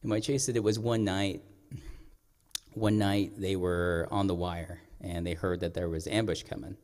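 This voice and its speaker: A man's voice: low-pitched, fairly even intonation, darkish tone. A young man, a storyteller, telling a personal story on stage in an earnest, reflective way. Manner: earnest, reflective, pauses and clears throat. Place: performing arts center stage. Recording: long hall reverb.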